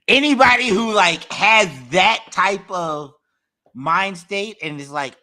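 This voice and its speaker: A man's voice: high voice, takes it slowly, sharp tone. A man co-hosting a casual podcast, talking bluntly and profanely with emphasis. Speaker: podcast co-host. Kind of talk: casual chat.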